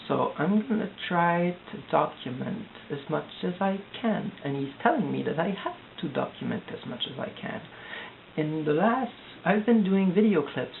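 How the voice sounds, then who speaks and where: A distressed young man from Quebec, rambling anxiously in a confessional video diary, halting and repeating himself. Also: a little high, gravelly. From Quebec, Canada. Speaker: vlogger. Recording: tinny lo-fi audio with hiss.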